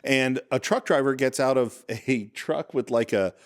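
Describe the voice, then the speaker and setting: Male film podcast co-host, average pitch, detailed scene-recapper, chatty. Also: unhurried. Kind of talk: casual film discussion. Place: living room.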